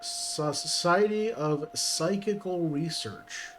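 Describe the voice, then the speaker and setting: A man's voice: fairly high pitch, slow pace, noisy background. A man streaming a game, reading its text aloud and adding casual joking asides.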